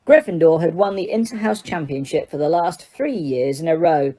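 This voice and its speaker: A woman narrating an audiobook in a steady reading voice, with the odd stumble. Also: low voice, moderate pace.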